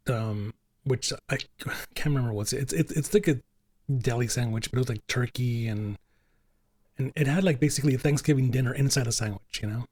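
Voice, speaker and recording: A man's voice: medium pitch, darkish tone, dry recording. A man hosting a podcast, chatting casually and rambling with lots of fillers and restarts. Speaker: podcast host. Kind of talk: casual chat.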